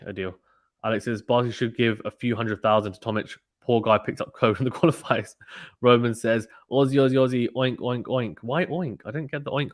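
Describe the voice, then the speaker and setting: A man giving casual live play-by-play tennis commentary and reading out viewer chat, in a brisk, chatty manner with frequent ums and restarts. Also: fairly low pitch, fairly bright tone, no echo, studio quality.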